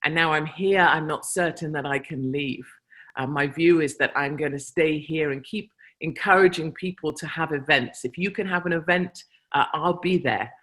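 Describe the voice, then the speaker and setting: A woman's voice: sits low, moderate pace, a bit bright. British woman giving a convention speech, chatty and anecdotal, leans hard on her points. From Britain. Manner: chatty anecdotal storytelling, emphatic. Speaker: convention speaker. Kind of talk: speech to a live audience.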